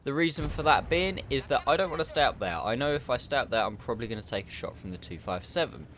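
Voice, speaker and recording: A man talking through his gameplay in a relaxed, chatty way, his pitch rising and falling a lot as he explains tactics. He mocks himself now and then. A faint hiss of noise sits under the voice. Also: fast talker. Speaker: gameplay commentator. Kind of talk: casual gameplay commentary.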